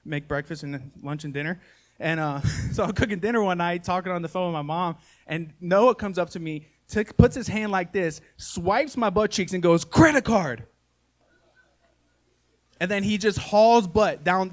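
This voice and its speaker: At a moderate pace and in a high voice, a thirtysomething comedian and podcast host works a live audience with family stories. His delivery is folksy and self-mocking, sprinkled with "y'all" and "man."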